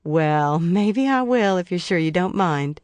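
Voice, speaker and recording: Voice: medium pitch, animated, a little slow, a little mellow, no room sound, close to an everyday voice. A narrator doing a sweet, cheerful woman. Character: sweet, happy woman chatting with a friend.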